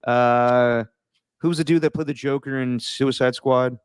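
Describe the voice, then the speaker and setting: A man co-hosting a casual podcast chat, animated and mocking, tossing in quick impressions. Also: mid-range voice, clean tone, no echo. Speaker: podcast co-host.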